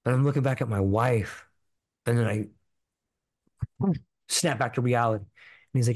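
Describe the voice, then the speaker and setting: A man's voice: mid-range voice, normal speed, long pauses, a little mellow, no room sound. A man, a podcast guest, earnestly telling a personal story, swearing freely and repeating himself. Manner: earnest, profane, repetitive, full of fillers.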